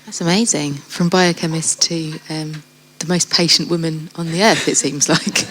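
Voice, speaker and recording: A woman's voice: low-pitched, fairly even intonation, normal speed, a bit bright. A woman, interviewing in an encouraging, supportive way. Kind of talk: friendly interview questions. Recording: noisy recording.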